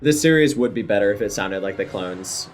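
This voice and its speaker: A man's voice: on the low side, animated, brisk, faint music behind. Rambling young man chatting as a fan. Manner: rambling, enthusiastic fan commentary. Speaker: co-host reacting to a cartoon. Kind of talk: casual chat.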